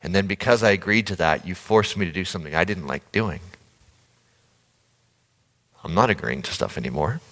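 A man playing his reluctant, wary friend inside a sermon, low and defensive. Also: lively intonation, moderate pace, pauses often, a bit bright. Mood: grudging. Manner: grudging and defensive. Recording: long hall reverb.

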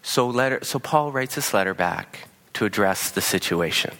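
A man's voice: lowish voice, expressive, moderate pace, pushed and bright, big-room sound. A man preaching a sermon, telling the story with animation and acting out the quotes himself. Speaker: pastor.

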